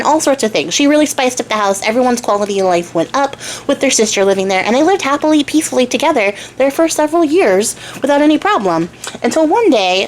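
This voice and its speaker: A woman's voice: fairly high pitch, a little hiss or hum. A young woman casually retelling a fairy tale while crafting, chatty and irreverent, swearing and loosely voicing the characters. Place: home craft room.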